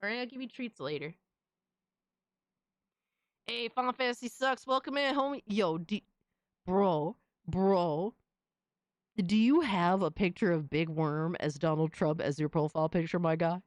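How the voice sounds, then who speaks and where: A woman's voice: fairly low pitch, measured pace, long pauses, no echo. A young adult woman hosting a live stream in casual chat. She swears freely and coos at her cat.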